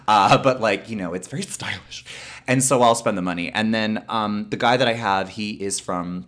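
A man from Canada co-hosting a podcast, chatting casually about a film, animated and laughing often. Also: on the low side, normal speed. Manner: animated, laughs often, puts on silly voices. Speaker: podcast co-host. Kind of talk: casual chat.

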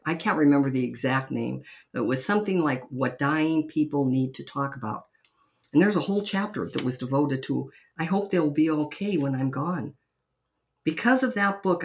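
Chatty middle-aged podcast host telling stories. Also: mid-range voice. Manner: chatty, intimate, laughs between anecdotes. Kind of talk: personal storytelling.

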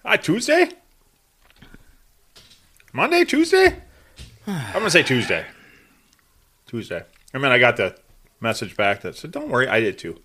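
A man's voice: mid-range voice, big pitch swings, normal speed, long pauses, sharp tone. A man co-hosting a podcast, chatting crudely and joking while eating hot wings. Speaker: podcast co-host. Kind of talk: casual chat.

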